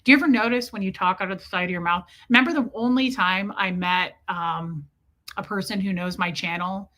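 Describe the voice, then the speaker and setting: A woman hosts a casual livestream with a bright, clear-toned voice. She tells a crude, frank comic story and keeps breaking off to greet chatters by name. Her pitch sits in an ordinary middle range for a woman. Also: a little fast. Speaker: livestream host chatting with viewers.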